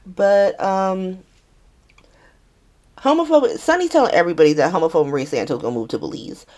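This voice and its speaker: A woman's voice: on the low side, expressive, brisk, a little mellow. Sarcastic, laughing woman podcast host. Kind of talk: casual soap opera recap.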